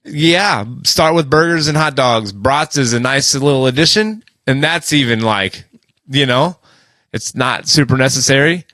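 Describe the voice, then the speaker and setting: A man's voice: mid-range voice, unhurried, pushed and bright, no echo. A man co-hosting a podcast in casual chat, jokey and often quoting others in playful voices. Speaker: podcast co-host.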